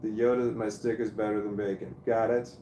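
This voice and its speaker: A man with a low-pitched voice reads viewer comments aloud on a live stream and chats between them. He rambles and halts, often repeating words before he finishes a thought. The room sounds roomy and echoey, with a faint hiss underneath. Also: flat delivery, fairly quick, mellow. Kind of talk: casual live stream chat reading comments. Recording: roomy echo with faint noise.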